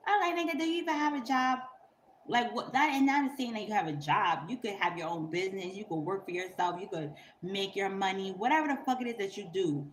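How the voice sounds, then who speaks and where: A woman spins a story for her channel in blunt, cussing, emphatic talk. She stays animated and laughs along as she goes, at a mid pitch, with a faint hum of noise behind her. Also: brisk, hardly any pauses. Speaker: YouTuber. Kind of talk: casual storytelling monologue.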